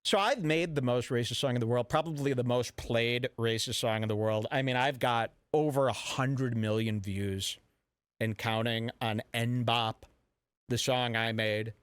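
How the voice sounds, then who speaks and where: A man hosting a radio show, ranting in a brash, mock-serious and deliberately offensive way. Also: mid-range voice, fairly bright tone, clear, resonant tone, dry recording. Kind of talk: provocative comedic talk radio rant.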